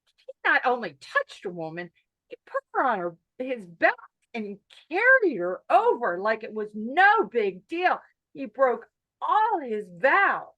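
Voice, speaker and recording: A woman teaching an online mindfulness workshop over a video call, animated and emphatic, who repeats her key phrases. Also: on the high side, measured pace, dull audio. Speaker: workshop instructor.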